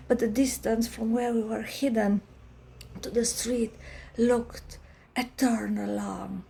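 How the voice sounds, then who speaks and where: A woman's voice: fairly high pitch, steady tone, takes it slowly, vocal fry, slight background noise. Woman whispering a spooky tale. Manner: dramatic, often dropping to a hushed whisper. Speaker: storyteller. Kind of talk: spooky storytelling vlog.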